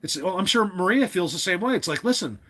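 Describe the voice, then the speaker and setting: A man's voice: sits high, expressive, fast, bright, forceful tone. A man hosting a casual livestream, talking to his chat in an opinionated, rambling way with many restarts. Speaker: livestream host.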